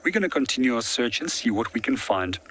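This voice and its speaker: A man safari guide explaining wildlife facts in steady live commentary from an open game-drive vehicle. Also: medium pitch, fast talker, a little hiss or hum.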